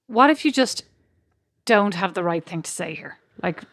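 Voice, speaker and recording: A woman co-hosting a podcast, telling animated, self-mocking stories in casual chat. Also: fairly low pitch, moderate pace. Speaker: podcast co-host.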